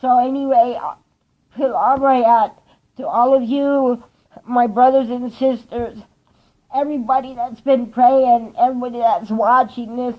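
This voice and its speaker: A woman telling a personal story in a heartfelt vlog, slow and earnest, with soft laughs between thoughts. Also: a little high, steady tone, narrow, tinny audio. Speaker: vlogger.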